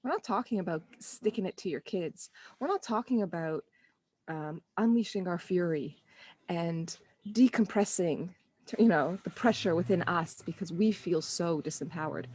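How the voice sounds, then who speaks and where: A woman's voice: fairly low pitch, animated, normal speed, darkish tone, husky, no echo. Earnest woman coaching parents, dry sound. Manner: earnest, conversational, full of restarts and acted-out inner thoughts. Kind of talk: live online Q&A talk.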